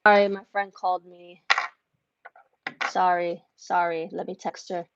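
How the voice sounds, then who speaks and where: A woman's voice: fairly low pitch, level tone, a little slow, lo-fi sound, very noisy. A middle-aged woman in a home craft studio, chatting casually with viewers on a live stream while she works on embroidery orders. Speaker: embroidery business owner hosting a live stream.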